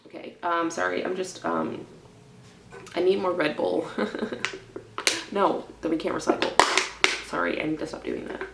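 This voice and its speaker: A young woman vlogging in a stressed, rambling confessional, swinging from low mumbling to loud indignant outbursts and slipping made-up words into her speech. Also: steady tone, normal speed, creaky, long pauses, heavy background noise. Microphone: camera in front of her. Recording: echoey room.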